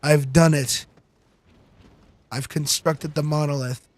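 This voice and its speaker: A man's voice: a little high, fairly even intonation, takes it slowly. A man chatting casually while playing a game, rambling with lots of fillers and giggling. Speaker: gaming streamer. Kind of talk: casual gameplay chat.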